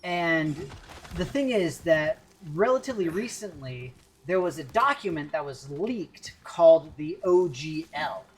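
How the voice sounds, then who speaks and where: Rambly joking guy streaming a game, talks slow, bit of noise behind. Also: fairly high pitch, lively intonation. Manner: rambling, jokey, self-interrupting. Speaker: gaming streamer. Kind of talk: casual gameplay commentary.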